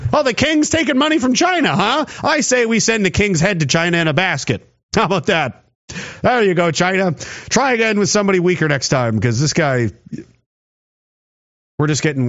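A man from Canada ranting sarcastically about politics in an angry commentary. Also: high voice. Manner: ranting, sarcastic, mocking voices. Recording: dull lo-fi audio.

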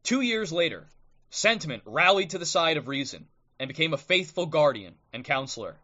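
With a slightly high, sing-song voice that's brisk, pushed, and bright, a man hosts a livestream over dull audio from a streaming microphone. He rants bluntly and combatively, frequently tagging "okay?", then reads from a book.

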